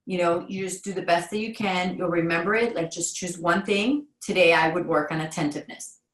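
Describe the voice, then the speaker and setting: A woman parenting coach on a call, explaining tasks step by step in a calm, encouraging way. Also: fairly low pitch, a little fast, echoey room, low-quality recording. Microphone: video or phone call.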